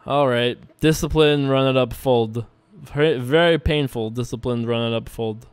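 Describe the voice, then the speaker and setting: Smooth-voiced young man, chatty poker streamer. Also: medium pitch, moderate pace. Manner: chatty and loose, laughs often, swears casually. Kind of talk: casual commentary while playing online poker and reading viewer emails.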